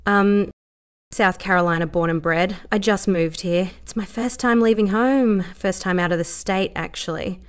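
A woman's voice: mid-range voice, moderate pace, natural voice. A woman voicing a cheerful, naive young dancer with a Southern accent, talking in a bubbly, gushing way.

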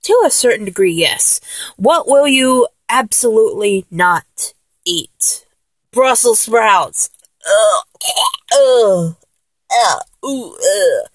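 A woman's voice: medium pitch, animated, slow pace, slightly rough, no room sound. A 24-year-old woman with a mature-sounding voice chats casually, rambling and joking as she answers a questionnaire. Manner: rambling, giggly, jokey. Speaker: solo vlogger answering a questionnaire. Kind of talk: casual chat.

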